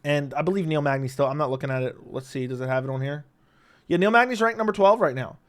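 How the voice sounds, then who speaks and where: Man, fight predictions, casual monologue, blunt, profane, laughs a lot, smooth voice. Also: on the high side, fast talker. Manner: blunt, profane, laughs often, animated swings in loudness. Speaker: MMA predictions commentator.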